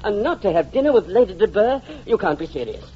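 A man's voice: high-pitched, very animated, quick pace, warm tone, a little hiss or hum. A man playing fussy, stammering Mr Collins. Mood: flustered. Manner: fretful, stammering, fawning. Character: fussy flustered male clergyman cousin. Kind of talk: radio play acting. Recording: dull lo-fi sound.

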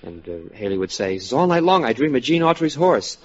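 A man pitching jokes on a radio panel, stammering and repeating "he says" as he retells each gag. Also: very animated, fairly quick, background noise. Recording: muffled old radio broadcast with studio audience.

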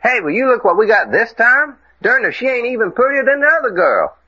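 A folksy Texan cowboy. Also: male voice, very high-pitched, big pitch swings, brisk, pushed and bright, heavily acted. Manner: drawling and jokey, with rural slang. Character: folksy, girl-crazy Texan adventurer man. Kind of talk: 1940s radio acting. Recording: muffled old radio recording.

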